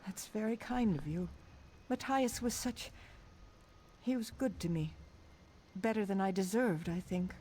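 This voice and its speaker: A woman's voice: medium pitch, measured pace, dark tone, slight background noise, natural voice. An actress playing a gracious, anxious noblewoman countess in a video game, speaking formally and earnestly.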